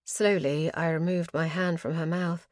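A woman reading a first-person fantasy novel aloud, expressive and dramatic, with tense rises at moments of action. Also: low-pitched, normal speed, no echo, clean studio sound. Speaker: audiobook narrator.

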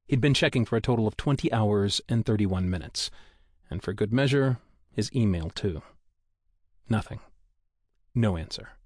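A man reading a thriller audiobook aloud in a steady, measured storytelling manner, close to a studio mic. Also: fairly low pitch, no room sound. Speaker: audiobook narrator. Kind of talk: scripted narration.

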